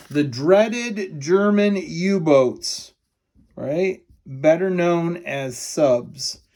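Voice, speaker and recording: A man's voice: high-pitched, darkish tone. A male history teacher giving a recorded lecture, repeating key notes and asking questions that he answers himself. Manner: asks the class questions and answers them himself.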